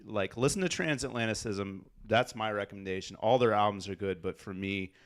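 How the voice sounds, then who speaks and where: A man's voice: lowish voice, fairly quick. A young man co-hosting a music review stream in casual chat, enthusiastic and chatty, laughing easily. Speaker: co-host reviewing submitted music.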